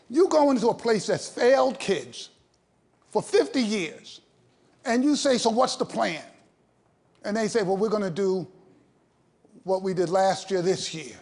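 Fiery high-voiced man in his sixties. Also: vocal fry. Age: 60s. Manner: fiery, emphatic, rhetorical questions, self-deprecating humor. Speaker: education reformer giving a talk. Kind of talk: impassioned public speech. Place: on stage before a live audience.

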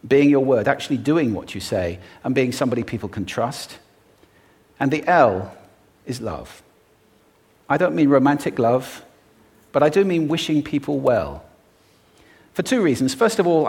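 A man giving a talk on stage to an audience, expressive and playful, demonstrating different ways of using the voice. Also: medium pitch. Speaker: public speaker.

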